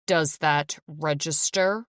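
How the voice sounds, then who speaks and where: A woman's voice: low-pitched, slow, fairly bright tone, no echo, studio quality. A woman reading an audiobook, voicing a cold, stern, controlling man who gives orders. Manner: stern, commanding.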